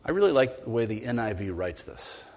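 A man preaching a sermon as a pastor, animated, swinging between loud emphatic lines and quiet, low asides. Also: a little fast. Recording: long hall reverb.

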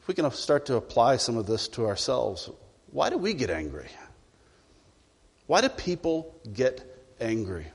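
A man's voice: mid-range voice, big pitch swings, a little slow, vocal fry, long pauses, husky, big-room sound. A male pastor preaching a sermon in a church, emphatic and full of rhetorical questions. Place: church sanctuary.

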